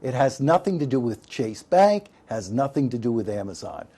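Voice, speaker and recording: A man's voice: mid-range voice, very animated, moderate pace, warm tone, slightly rough. A man giving an instructional talk on staying safe online, folksy and emphatic, often calling his listeners folks. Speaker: digital literacy instructor.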